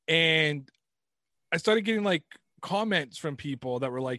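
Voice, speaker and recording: A man's voice: on the high side, unhurried, no echo, clean studio sound. A man from Canada, a podcast guest, telling stories in a casual, rambling way with frequent swearing. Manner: rambling, swearing, animated storytelling. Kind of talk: casual chat.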